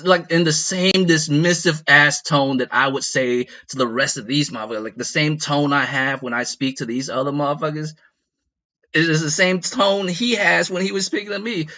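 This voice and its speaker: Bright-voiced man telling a rambling story. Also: on the high side, muffled recording. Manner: rambling, profane, laughs at his own story. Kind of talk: casual comedic storytelling.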